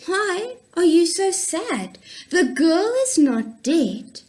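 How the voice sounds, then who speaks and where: Lady reading a soft gentle kind man in a kids' bible story, slow and calm. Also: extremely high pitch, pitched above the performer's own voice, heavily acted.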